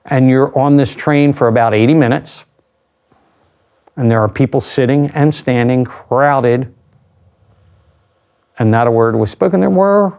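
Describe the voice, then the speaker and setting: A man's voice: mid-range voice, creaky, darkish tone, clean tone. Older man recounting a personal story. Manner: reflective, conversational, with dry asides. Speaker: interview guest.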